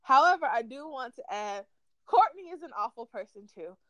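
A woman's voice: sits high, very animated, normal speed, sharp tone, no echo, lo-fi sound. A woman co-hosting a podcast, chatting casually and animatedly about celebrity gossip, swearing freely and laughing often. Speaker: podcast co-host.

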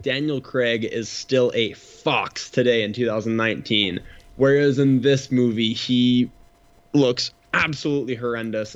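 A man co-hosting a movie podcast, talking casually with a wry, joking manner and some swearing. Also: medium pitch. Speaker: podcast co-host. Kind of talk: casual chat. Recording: slightly dull lo-fi mic.

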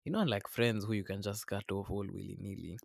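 A low, gravelly man hosts a reflective podcast monologue. He speaks earnestly and a bit preachily, calling his listener man and brother. The sound is close and dry, with no room around it. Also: fast, no echo. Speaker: podcast host. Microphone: podcast microphone.

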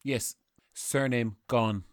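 A man's voice: medium pitch, steady tone, slow pace, no echo, studio quality, close to an everyday voice. A man doing a dreamy Irish poet in love. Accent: Irish, Sligo. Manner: wistful, speaks in poetic lines. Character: lovesick older male poet, dreamy, single-minded. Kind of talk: comedy sketch acting.

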